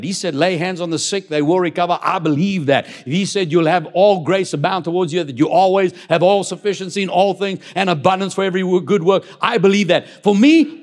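A man preaches a sermon as a pastor, building to loud, emphatic declarations, then dropping low to read scripture and question the congregation.

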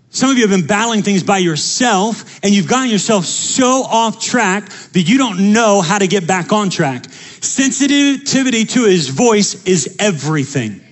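Speaking to his congregation, a high-voiced young man who is a pastor shares brisk, vivid personal anecdotes. His energetic storytelling climbs into passionate, fervent pleas.

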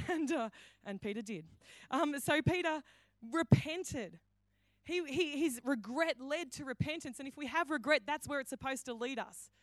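A woman pastor, preaching a sermon with animated storytelling and acted-out dialogue. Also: high-pitched, no echo. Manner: animated storytelling, acting out quoted voices. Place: church hall.

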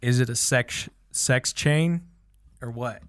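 Slow, crude joking male player. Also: medium pitch, a bit bright, clean tone, no room sound. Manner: crude, joking, drawn-out talk. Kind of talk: casual tabletop game play.

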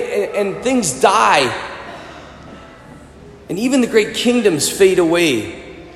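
Animated male preacher in echoey church. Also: high-pitched, a little hiss or hum. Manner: animated, swings from shouting to hushed. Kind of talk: sermon. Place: large church. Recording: echoey church, long reverb, faint ambience.

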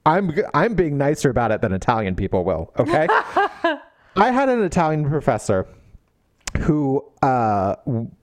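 Animated man ranting, laughing. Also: a little high, unhurried, no echo. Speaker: podcast co-host. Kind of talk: casual chat.

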